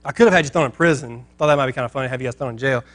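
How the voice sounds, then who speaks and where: A man voicing an annoyed landowner who lectures slowly and reproachfully. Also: medium pitch, lightly acted.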